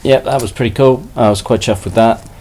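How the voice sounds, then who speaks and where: A man casually chatting through a haul of toy finds in a relaxed, rambling way. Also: medium pitch, brisk, a little hiss or hum. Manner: relaxed, rambling, self-deprecating. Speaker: toy collector vlogger. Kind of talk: casual haul video chat.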